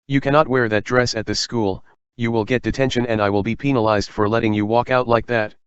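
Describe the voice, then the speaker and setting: A man's voice: mid-range voice, fairly even intonation, fairly quick, clear, resonant tone, no echo, highs cut off, natural voice. Man reading strict bossy prefect girl; stern, commanding, dry close sound.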